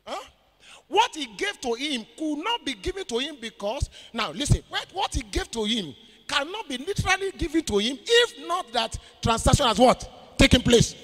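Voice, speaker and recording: A Nigerian pastor preaching with a high, bright voice that climbs and drops all over. He asks questions for the congregation to finish and breaks into shouted declarations. The sound rings with the long echo of a church hall. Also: very animated, normal speed. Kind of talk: sermon.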